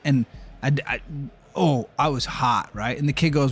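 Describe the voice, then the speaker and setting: This male streamer plays a football video game while telling an animated, angry story, cursing freely in casual live-stream chat. He speaks at a moderate pace with a medium-pitched, slightly breathy voice.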